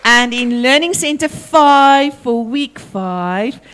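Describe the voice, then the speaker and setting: High, commanding South African woman teacher. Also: slow, a loud crowd, very noisy. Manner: energetic, commanding, playful, calls out to pupils. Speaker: teacher leading a school assembly. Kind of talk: school assembly address. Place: school assembly hall.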